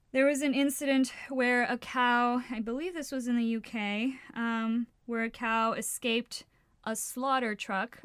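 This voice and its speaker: A woman co-hosts a casual podcast, speaking frankly and with feeling, swearing freely and often restarting her sentences. Her voice is on the high side, fairly bright, clear, and resonant. The audio is studio quality with no echo.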